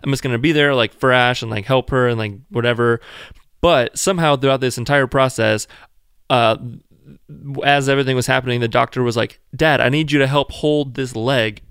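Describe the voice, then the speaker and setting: Man, casual storytelling, rambling, smooth clear voice, dry close sound. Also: mid-range voice, steady tone, fairly quick, a bit bright, no echo. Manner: rambling, full of "like", jokes around. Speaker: new father telling a birth story.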